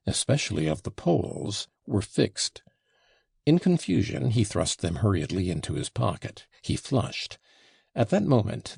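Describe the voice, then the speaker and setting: A man narrating a classic novel as an audiobook in a lively, expressive reading. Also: fairly low pitch, gravelly, husky, no echo, clean studio sound. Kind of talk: scripted narration.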